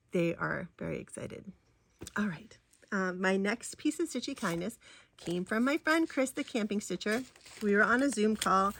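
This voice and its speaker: A chatty middle-aged woman hosting her own stitching vlog, rambling along and gushing over each find. She fills her talk with ums and restarts. Her voice sits at an ordinary middle pitch and sounds close and dry, with no room around it. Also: dry recording. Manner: rambling and warm-hearted, many ums and restarts. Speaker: cross-stitch vlogger. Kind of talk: casual chatty show-and-tell.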